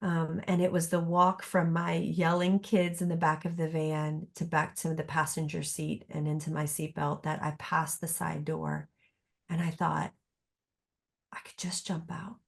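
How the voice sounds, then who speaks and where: A woman's voice: low-pitched, flat delivery, normal speed, gravelly. A middle-aged woman therapist speaking as a podcast guest, reflective and earnest, often restarting her sentences. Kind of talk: podcast conversation.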